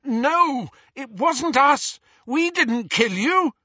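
A man's voice: lowish voice, animated, normal speed, husky, no echo, dull audio. A man doing a tense teenage boy hero. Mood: shouting. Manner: tense, shouting when scared.

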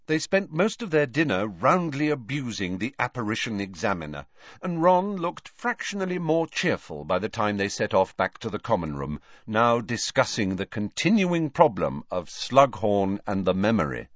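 Male audiobook narrator, low and lively, dry close dull lo-fi sound. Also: moderate pace, dry recording. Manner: expressive, character-voiced reading.

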